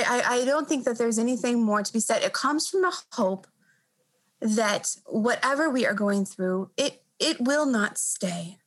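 Earnest, halting woman doctor, high voice. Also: fairly bright tone, poor audio. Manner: earnest, halting, repeats words while thinking. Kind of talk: reflective interview answer.

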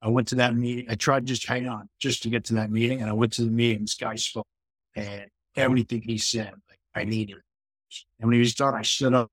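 A man's voice: medium pitch, level tone, a little fast, breathy edge, no echo, poor audio. A middle-aged man from New York, a podcast guest, telling a personal story in a casual, rambling way with lots of restarts. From New York, USA. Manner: conversational, frequent restarts and "you know" fillers.

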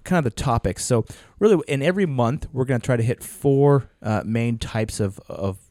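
Earnest podcast guy, kinda mellow, starts and restarts a lot, dead dry sound. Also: mid-range voice, expressive, no room sound. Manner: earnest, halting with fillers and restarts. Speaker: podcast co-host. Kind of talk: casual chat.

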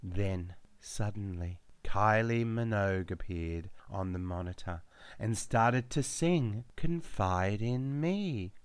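Male narrator, deadpan storyteller, low voice, close dry sound. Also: slow pace, smooth, no echo. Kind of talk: scripted narration.

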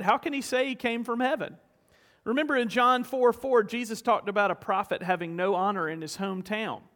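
A man's voice: high-pitched, a bit bright, in a large hall. A man preaching a sermon in a church, telling a story with earnest rhetorical questions. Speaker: pastor. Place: church sanctuary.

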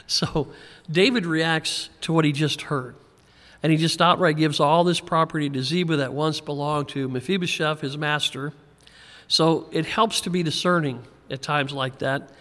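A man teaching a Bible passage verse by verse, in a relaxed conversational way with frequent chuckles and small restarts. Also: on the high side, normal speed. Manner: conversational, chuckles often, repeats words when restarting. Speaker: pastor. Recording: long hall reverb.

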